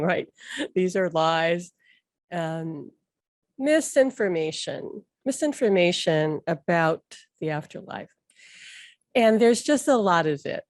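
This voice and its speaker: A woman's voice: fairly low pitch, expressive, measured pace, no echo, studio quality. A woman hosting a casual spoken talk, rambling and chatty, laughing often and peppering her speech with "like". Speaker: host.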